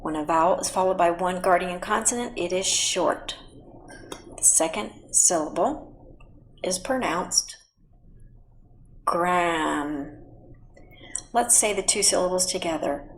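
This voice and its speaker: A female reading teacher records a phonics lesson for young children at home. Her voice sits lower than most women's, and she speaks slowly and patiently, spelling out words one letter at a time. A faint hum of room ambience runs underneath. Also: rough recording.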